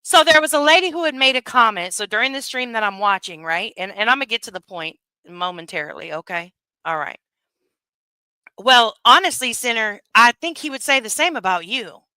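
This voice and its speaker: Bright-voiced woman ranting on a stream. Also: a little high, expressive, a little fast, clean tone, no room sound, studio quality. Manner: profane, heated, rambling with many asides. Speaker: commentary streamer. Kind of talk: ranting livestream commentary.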